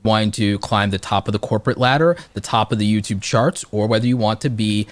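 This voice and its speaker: A man's voice: fairly low pitch, steady tone, brisk, no room sound. A man hosting a live stream discussion, speaking emphatically and motivationally, with frequent "like". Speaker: host YouTuber.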